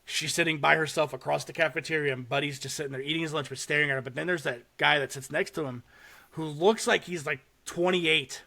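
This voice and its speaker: A young man hosting a podcast, casually and excitedly retelling a short horror film with swearing and laughter. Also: on the high side, fast talker, vocal fry. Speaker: podcast host. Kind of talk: casual chat.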